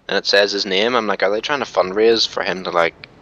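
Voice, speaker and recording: Deep-voiced sarcastic gamer guy. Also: a little fast, bright, forceful tone, highs cut off. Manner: blunt, sarcastic banter. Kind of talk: casual gaming chat with friends. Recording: game audio and gunfire underneath.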